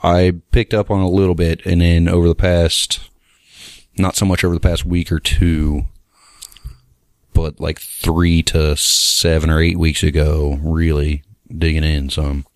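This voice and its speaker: Deep-voiced laid-back dude, lots of yeahs and uhs, dry close mic. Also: male voice, little pitch movement, measured pace, no room sound. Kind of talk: casual chat.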